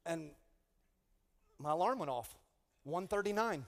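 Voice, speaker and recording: A man's voice: on the high side, unhurried, vocal fry, slight background noise. A middle-aged male pastor preaching a humorous sermon, telling stories with comic energy and calling out to the congregation. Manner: animated, comic, with rising call-outs to the congregation. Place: church sanctuary. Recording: long reverb of a large hall.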